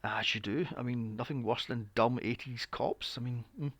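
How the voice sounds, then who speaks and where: A man's voice: medium pitch, steady tone, moderate pace, fairly bright tone, no echo. A young man recapping a film on a podcast, sarcastic and swearing freely with mocking asides. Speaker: podcast co-host. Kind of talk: casual movie recap chat.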